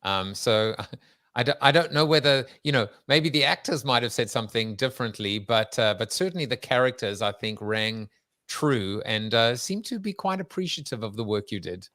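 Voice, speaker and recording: A man's voice: mid-range voice, lively intonation, normal speed, pushed and bright. A male podcast host in loose, joking conversation, wandering through his setups with lots of "uh" and "um" before landing the punchline. His voice sits in the middle range, recorded dry and close with almost no room echo. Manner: rambling, jokey, with fillers and restarts. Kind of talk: conversational interview.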